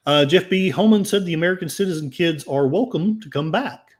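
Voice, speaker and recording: A man's voice: a little high, brisk. Sarcastic older man rambling over headlines. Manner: sarcastic, rambling, with frequent fillers. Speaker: podcast host. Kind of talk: casual commentary reading headlines.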